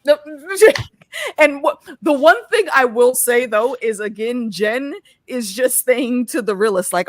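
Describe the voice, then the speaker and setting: A woman hosting a casual show discussion, animated, laughing often and repeating her words as she talks. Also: sits high, moderate pace, no room sound. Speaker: host.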